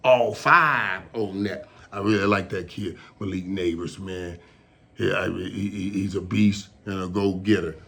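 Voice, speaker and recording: A man's voice: low-pitched, fairly even intonation, unhurried, creaky, fairly bright tone. Emotional rambling man, casual talk. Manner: emotional, rambling, repeats words. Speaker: show host.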